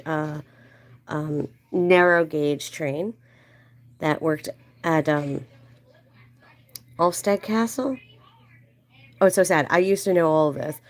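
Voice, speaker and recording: A woman hosting a livestream, telling a casual story in a chatty way and acting out quoted voices in a higher, playful tone. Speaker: livestream host.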